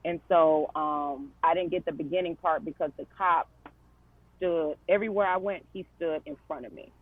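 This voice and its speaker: A woman's voice: sits low, steady tone, moderate pace. A woman guest on a podcast, telling a story in a conversational way, full of fillers and quoted dialogue. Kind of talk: casual storytelling. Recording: tinny phone-like line.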